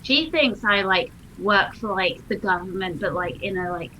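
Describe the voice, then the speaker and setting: A woman's voice: medium pitch, lively intonation, moderate pace, slight background noise. A woman playing in a tabletop game, talking casually with some hesitation. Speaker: player. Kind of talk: casual tabletop role-play. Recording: quiet, far from the mic.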